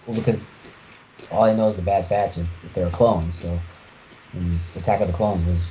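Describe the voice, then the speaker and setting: Podcast co-host, a man in his thirties, deep mellow voice, stop-start delivery, muffled lo-fi sound. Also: fairly even intonation. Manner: halting, many restarts and fillers. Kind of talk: casual chat. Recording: muffled lo-fi audio with faint noise.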